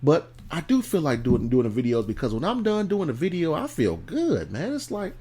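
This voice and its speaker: A man's voice: fairly high pitch, huge pitch swings, moderate pace, hardly any pauses, warm tone, breathy edge. A man giving a motivational talk to camera, emphatic and repetitive, with a preacher-like cadence. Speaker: motivational video host.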